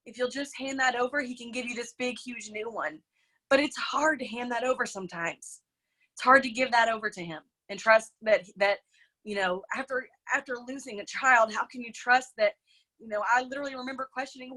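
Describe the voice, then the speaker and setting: Bright, effusive woman hosting a video call. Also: a little high, brisk, rough recording. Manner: effusive and emotional, addresses the group as y'all. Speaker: host of a group video call.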